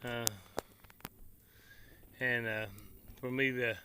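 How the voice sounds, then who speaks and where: A man's voice: mid-range voice, little pitch movement, drawn-out words, sharp tone, clean tone. A man with a Tennessee Southern accent, chatting casually outdoors by his grill to his vlog viewers in a folksy, rambling way. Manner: folksy, rambling, country slang. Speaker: barbecue vlogger. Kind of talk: casual outdoor chat to camera.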